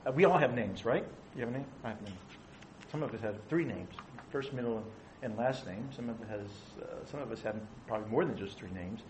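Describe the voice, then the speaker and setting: Middle-aged male pastor, chatty teaching sermon, even mid pitch, slight background hiss. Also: fairly quick, low-quality recording. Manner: conversational, asks the audience questions.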